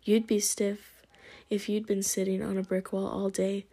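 A woman's voice: medium pitch, level tone, measured pace, dark tone, breathy edge. A woman whispering as a stern older witch, whispered role-play. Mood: impatient. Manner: impatient, clipped, irritable.

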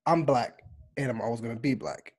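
A man from the United States, a podcast guest, telling stories in casual chat and acting out the quotes with lively energy. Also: medium pitch, fairly quick, slightly rough. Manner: animated storytelling with acted-out quotes.

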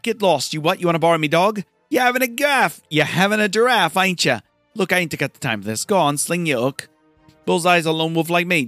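A man's voice: on the high side, a bit bright, no room sound, pitched above the performer's own voice. A man voicing a pushy, rude young girl with a dog in a game, in a put-on Cockney accent.

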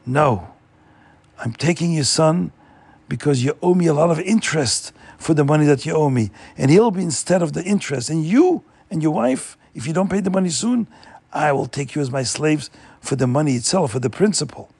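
A man voicing a cruel, greedy male landowner who yells threats. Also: fairly high pitch, animated, moderate pace, gravelly, slightly rough, no echo, voice pushed up, full character voice. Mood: mocking. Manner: yelling, threatening.

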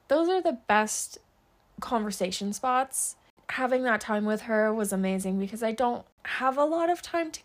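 Young woman, podcast host, upbeat and chatty, casual solo talk, slightly high voice. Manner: upbeat, chatty, many fillers.

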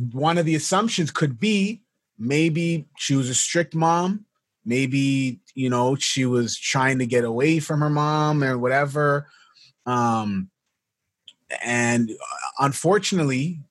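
A man's voice: mid-range voice, no room sound. Guy rambling thru a story, lots of ums, dry close sound. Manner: rambling, hesitant storytelling with many fillers. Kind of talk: casual chat.

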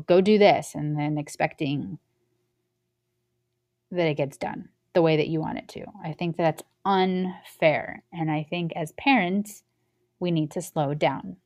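Young mom host just chatting, slightly low voice, jumps into little scenes with voices. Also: female voice, a little mellow. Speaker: parenting podcast host. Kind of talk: casual solo talk.

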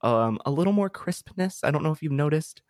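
A man's voice: fairly high pitch, lively intonation, brisk, dry recording, clean studio sound. A young man hosting a casual gaming podcast, joking around and trying out sound effects on his streaming mic. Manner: jokey, playful, tries out sound effects. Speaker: podcast host. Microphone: streaming mic with compressor and EQ.

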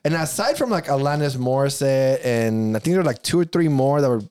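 A man's voice: medium pitch, animated, brisk, a little mellow, smooth, no echo. A middle-aged man co-hosting a podcast, chatting casually in a rambling, profane way with many restarts. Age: around 50. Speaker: podcast co-host. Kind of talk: casual chat.

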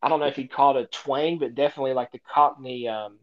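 A man's voice: mid-range voice, fairly even intonation, quick pace, dull audio. A man with an Appalachian twang, co-hosting a podcast in casual chat, chatty, often laughing, with hesitant fillers. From Appalachia, Tennessee-Virginia border. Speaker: podcast co-host.

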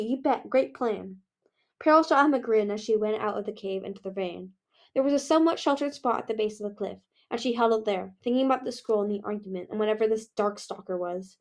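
A woman reading a novel aloud in a steady way, with small slips. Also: mid-range voice. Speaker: reader. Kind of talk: audiobook reading.

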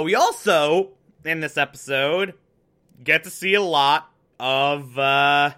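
A man's voice: a little high, pushed and bright, clear, resonant tone. A young man casually recapping a TV episode, chatty and wry, with lots of fillers. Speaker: TV show recap host.

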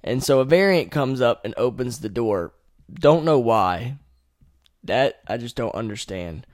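A man's voice: medium pitch, expressive, normal speed, no echo, studio quality. A young man hosting a podcast, casually and animatedly retelling a game with profanity and laughing asides. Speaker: podcast host.

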